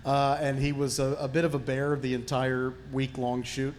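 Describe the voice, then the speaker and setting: Man telling animated panel anecdotes. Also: medium pitch, normal speed, slight background noise. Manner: animated anecdotes with frequent fillers. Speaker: panelist, actor and comedian. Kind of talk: casual panel storytelling. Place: film festival panel.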